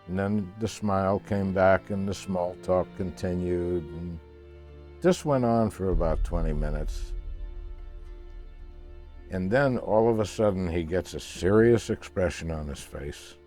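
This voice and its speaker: Old guy spinning a yarn, low voice, stumbles n repeats words, soft music behind. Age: older. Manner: halting, repeats words when searching for them. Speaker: interviewee recounting a past voyage. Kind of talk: casual storytelling.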